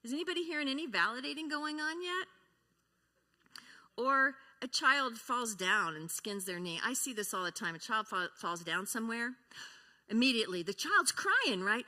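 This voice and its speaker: A woman's voice: a little high, expressive, moderate pace. A middle-aged woman giving a conversational sermon in a church, telling stories and leading the congregation in repeating a phrase. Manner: warm storytelling, leads the congregation in repeating a phrase. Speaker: church speaker. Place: church sanctuary. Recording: reverberant church hall.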